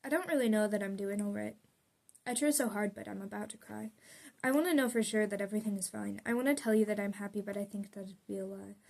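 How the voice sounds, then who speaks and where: Young woman, mid-pitched, reading her own confessional poems with earnest sincerity. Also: quick pace, gravelly, a little mellow. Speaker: poet.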